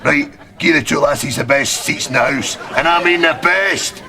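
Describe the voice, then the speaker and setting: A man's voice: on the high side, moderate pace, lightly acted. An actor with a Scottish accent playing a brash, swaggering tough who calls himself the big man, firing off crude insults in a sketch comedy. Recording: crowd and noise behind, laughter.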